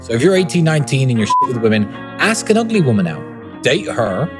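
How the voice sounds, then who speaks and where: A man's voice: medium pitch, very animated, a little fast, music in the background. A man giving frank, matter-of-fact dating advice. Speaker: dating influencer. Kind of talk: direct advice monologue.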